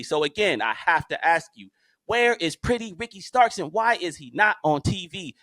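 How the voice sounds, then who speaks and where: A man co-hosting a podcast, talking in a slangy, joking, animated casual chat. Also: high-pitched, no echo. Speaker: podcast co-host.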